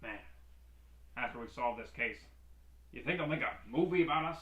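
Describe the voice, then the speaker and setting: A man playing an excitable, bumbling young detective in a comedy web drama. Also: medium pitch, normal speed, echoey room, poor audio. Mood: goofy. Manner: excitable, jokey. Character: bumbling young male detective, eager and goofy.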